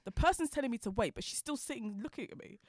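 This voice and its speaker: A woman telling stories as a podcast guest, talking fast and laughing as she goes. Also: a little high, lively intonation, very noisy. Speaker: guest, designer. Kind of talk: animated storytelling in conversation.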